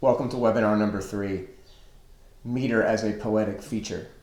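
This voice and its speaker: A man giving an online literature lecture, explaining slowly and deliberately with pauses. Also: lowish voice, steady tone, darkish tone. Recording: echoey room.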